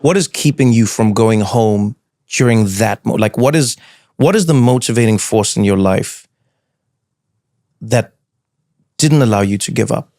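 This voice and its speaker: A man's voice: fairly low pitch, unhurried, long pauses, a little mellow, dry recording, clean studio sound. A man hosting a podcast, asking curious, probing questions in a conversational interview. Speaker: podcast host.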